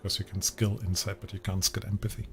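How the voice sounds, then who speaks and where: A man running a tabletop game as game master, relaxed and rambling with fillers. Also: sits low, fast, a crowd in the background.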